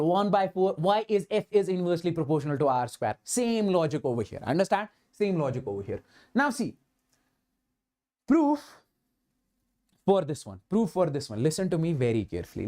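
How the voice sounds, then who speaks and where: A man's voice: a little high, big pitch swings, brisk, a little mellow. A man with an Indian accent teaching physics in a live online lecture, talking emphatically, repeating himself and often checking that his students understand. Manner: mixes Hindi words into English.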